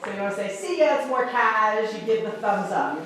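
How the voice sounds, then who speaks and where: A woman teaching a sign language class in a library room, encouraging and emphatic, repeating phrases slowly for her learners. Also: medium pitch, expressive, fairly bright tone, slight background noise. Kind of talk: classroom instruction. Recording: echoey room, voice far off.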